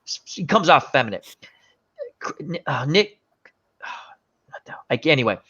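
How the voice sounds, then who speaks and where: A man's voice: on the high side, sing-song, unhurried, bright, forceful tone. A man hosting a casual chat show, telling rambling movie stories and often groping for names. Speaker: show host. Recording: dull lo-fi sound.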